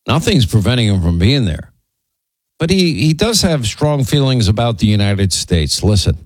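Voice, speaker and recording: A man's voice: medium pitch, sing-song, moderate pace, dry recording, rough recording. A man hosting a commentary show, sardonic and opinionated, stumbling and restarting as he goes. His voice is close and dry, with no room sound. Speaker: show host.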